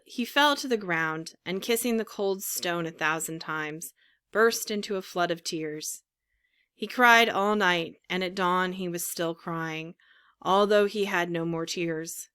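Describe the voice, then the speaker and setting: Bright, expressive woman reading a story. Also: lowish voice, smooth. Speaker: audiobook narrator. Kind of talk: scripted narration.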